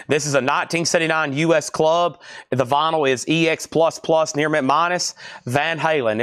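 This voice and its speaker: A man's voice: mid-range voice, a bit bright, no echo, clean studio sound. A man running a live record auction stream, rattling off prices and bidder names with chatty asides to viewers.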